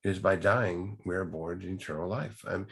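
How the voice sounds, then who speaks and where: A man's voice: low voice, normal speed, husky. A man leading a recovery group study, teaching earnestly from the text with rhetorical questions and repeated key words.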